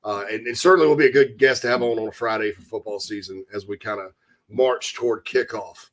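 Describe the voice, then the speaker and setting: A man hosting a casual sports talk radio show from the American South, chatty and animated, slipping into mock voices. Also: on the low side, brisk. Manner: animated, breaks into loud mock voices and laughter.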